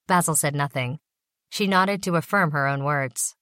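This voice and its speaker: A woman narrating an audiobook in a steady, even reading voice. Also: sits low, moderate pace, no echo, clean studio sound.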